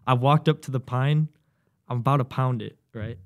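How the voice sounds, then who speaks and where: A man's voice: medium pitch, moderate pace. Young man telling a rowdy bootcamp story. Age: young adult. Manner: animated, swearing, acts out quotes loudly. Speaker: podcast guest, new Marine. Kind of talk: casual storytelling. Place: podcast studio.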